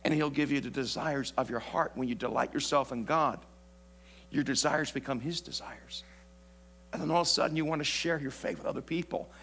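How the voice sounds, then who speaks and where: A man preaching a sermon in a church, animated and playful, joking with the congregation. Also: medium pitch, fairly quick, husky. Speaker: pastor. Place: church sanctuary. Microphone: live broadcast mic.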